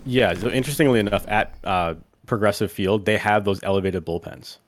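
Low-voiced man telling a rambling story. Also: brisk, slight background noise. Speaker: podcast co-host. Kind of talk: casual chat.

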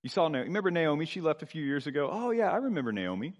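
Chattering small-town gossips trade news in high, light, hushed voices, as a man puts them on in a sermon. They sound eager and nosy, with quick back-and-forth remarks. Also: big pitch swings, dull audio. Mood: gossipy. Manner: lighter, higher and chattier than his preaching.

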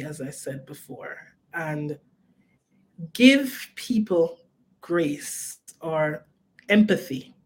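A woman, a film writer and director, talking casually in an interview and often repeating herself. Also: lowish voice. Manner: animated, repeats herself, frequent "you know what I mean".

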